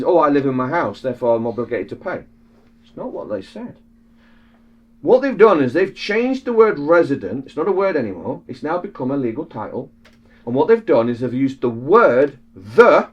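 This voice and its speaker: A man giving an emphatic, teaching-style explanation, asking rhetorical questions as he goes. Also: on the high side. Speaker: speaker explaining legal ideas. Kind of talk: animated explanatory talk. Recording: slightly dull, lo-fi sound.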